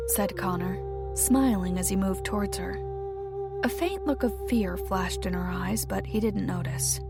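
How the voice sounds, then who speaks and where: A woman reading a crime audiobook in scripted narration with a steady, measured delivery. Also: medium pitch, gravelly, loud music behind the voice.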